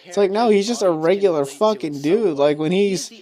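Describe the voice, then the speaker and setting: A man's voice: high-pitched, normal speed, warm tone. Profane young man ranting about games. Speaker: commentator on his own video review. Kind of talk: casual commentary.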